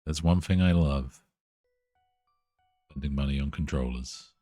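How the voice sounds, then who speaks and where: A man's voice: very deep voice, a little slow, warm tone, dry recording, faint music behind. A man streaming a horror game live, reading game text aloud with swearing and self-mocking jokes.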